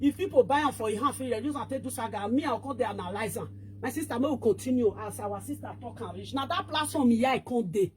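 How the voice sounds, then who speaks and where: A woman's voice: fairly high pitch, fast talker, a little mellow, slight background noise. A woman with a Nigerian Pidgin accent, ranting and scolding in casual online commentary, switching between languages.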